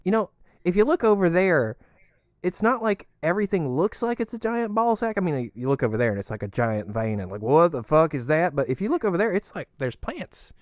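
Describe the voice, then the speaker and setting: Dude playing a rambly, swearing, chill resident guy, voice bounces all over, kinda high. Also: very animated, fairly quick, no echo, clean studio sound. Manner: chatty, crude, swinging pitch. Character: rambling, easygoing male resident inside a giant creature.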